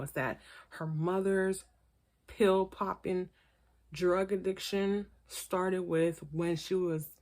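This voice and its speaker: Chatty woman reviewing reality TV. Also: low-pitched. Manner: chatty, opinionated, recaps with acted quotes. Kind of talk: casual gossip commentary.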